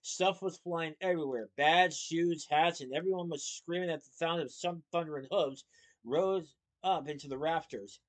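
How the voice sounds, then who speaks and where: Man, storybook reading, lively, playful asides, somewhat high voice. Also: normal speed. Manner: lively with small slips and asides.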